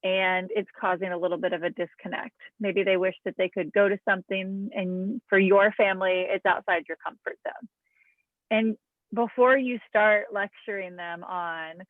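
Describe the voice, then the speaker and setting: A woman therapist giving an online parenting talk in an earnest, gentle way, often acting out what a parent might say to a child. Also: mid-range voice, fairly even intonation, normal speed, dry recording. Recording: tinny phone-like call audio.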